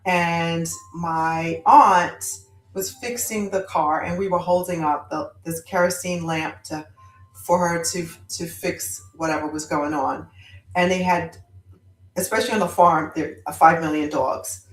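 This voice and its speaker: A woman guest on a chat show, telling a story with lively, animated delivery. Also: fairly low pitch, measured pace, echoey room, poor audio. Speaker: guest author. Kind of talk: casual podcast chat.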